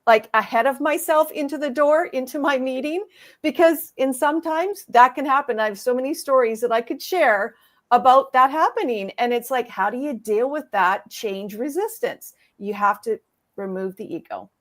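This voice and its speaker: A woman's voice: sits high, moderate pace. A woman speaking earnestly on a virtual panel, telling a story with emphatic conviction. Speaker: summit speaker. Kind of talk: panel discussion. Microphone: video call.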